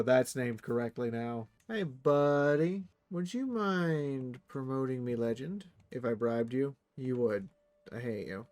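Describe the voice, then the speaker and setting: Male streamer, mid-pitched, dry and close; reads the game text aloud, mutters, then blows up with loud cursing. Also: no room sound. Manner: excitable, swings from muttered asides to loud outbursts; swears freely. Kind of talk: let's play commentary reading game text aloud.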